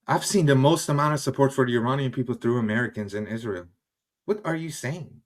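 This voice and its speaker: A male livestream host with a mid-range voice reads chat from his home kitchen, firing back angry, blunt replies at a fairly quick pace. Heated and profane, he swears and switches between English and German.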